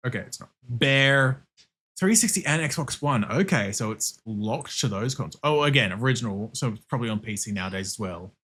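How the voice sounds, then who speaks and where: A male streamer chats casually as he plays, his husky voice bright and edged, pitch bouncing all over. He gets excitable fast, laughs often and swears freely. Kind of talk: casual livestream chat while gaming.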